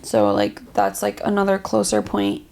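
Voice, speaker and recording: A woman's voice: medium pitch, big pitch swings, normal speed, creaky, a little mellow, a little hiss or hum. A young woman co-hosting a sisters' podcast, telling stories in a blunt, profane, casual way. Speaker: podcast co-host. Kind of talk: casual chat.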